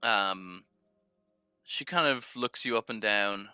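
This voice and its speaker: A man narrates a tabletop game as its game master, hesitant and full of fillers. His voice is deep yet bright and very clear, recorded in a dry space. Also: slow pace, long pauses, no room sound, soft background music.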